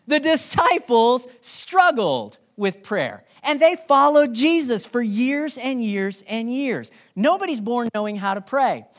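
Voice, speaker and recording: A pastor preaching a sermon in a conversational, joking way, with sudden emphatic stresses. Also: medium pitch.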